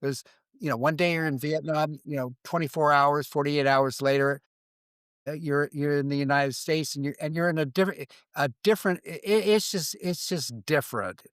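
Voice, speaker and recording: A man in his seventies, a veteran guest in an interview conversation, speaking in a reflective, halting way and acting out quoted exchanges. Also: on the high side, fairly bright tone, smooth, dry recording.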